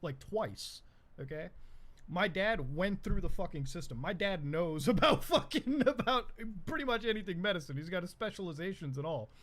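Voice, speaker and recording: A man's voice: sits high, animated, fairly quick, fairly bright tone. A man telling a casual story in a rambling, profane way, with many fillers and bursts of laughter. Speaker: streamer.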